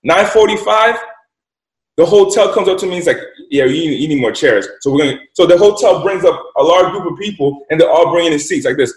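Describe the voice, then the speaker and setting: Emphatic high-voiced man, roomy echo. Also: brisk. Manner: emphatic, profane, repeats lines for effect. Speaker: guest. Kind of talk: casual storytelling.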